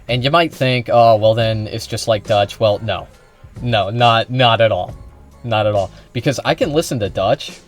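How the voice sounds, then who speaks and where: A man reacting to a clip as a streamer, talking in a sarcastic, rambling way with frequent restarts and swearing. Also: medium pitch. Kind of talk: casual sarcastic commentary.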